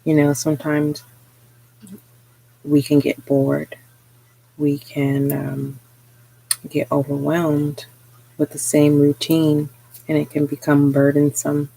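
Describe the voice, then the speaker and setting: A tarot reader giving a live spiritual reading, talking slowly and earnestly with frequent pauses and fillers. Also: medium pitch, completely flat delivery, gravelly, warm tone, a little hiss or hum, poor audio. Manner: slow, hesitant, many pauses and fillers; earnest, encouraging.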